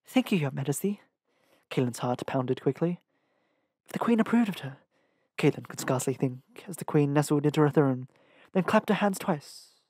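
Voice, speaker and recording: A man reading a fantasy novel aloud as a fan audiobook, steady with occasional self-corrections. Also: a little high, normal speed, no room sound, clean studio sound. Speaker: audiobook reader.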